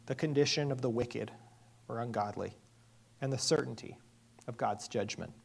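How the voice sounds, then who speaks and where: A man preaching a sermon as a pastor, earnest and measured, with emphatic pauses. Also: mid-range voice, gravelly, a little mellow.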